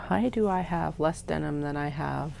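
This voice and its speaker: A woman's voice: sits low, moderate pace, vocal fry, a little mellow, slight background noise. A woman chatting to herself while cutting fabric in her studio, casual and self-mocking. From Canada. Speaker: craft maker. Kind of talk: casual work-along vlog narration. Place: home sewing studio.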